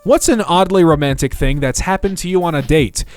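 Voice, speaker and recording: A man narrating internet posts aloud in an animated, comic storytelling manner. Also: fairly high pitch, fairly quick. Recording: faint background music.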